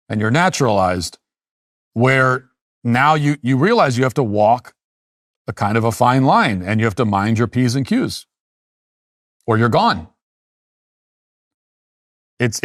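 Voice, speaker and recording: A middle-aged man hosts a commentary show, talking in an emphatic monologue that circles back with repeated phrases and restarts. His voice sits at an ordinary pitch, and the recording is dry, with little room sound. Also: very animated, a little slow, long pauses, a bit bright, no room sound. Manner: emphatic, repetitive, with frequent restarts. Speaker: political commentary host.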